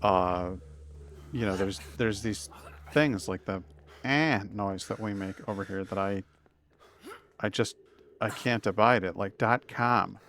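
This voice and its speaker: A man's voice: lowish voice, unhurried, pauses often, a bit bright, slight background noise. A man from Massachusetts with an Upstate New York accent, chatting casually with viewers while streaming a game, rambling and self-deprecating. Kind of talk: casual live-stream gaming chat.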